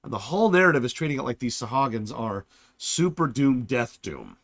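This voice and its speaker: A man's voice: mid-range voice, sing-song, a little fast, fairly bright tone, dry recording, clean studio sound. A man giving casual stream commentary as a game reviewer, blunt and sarcastic, acting out scenes with theatrical flair.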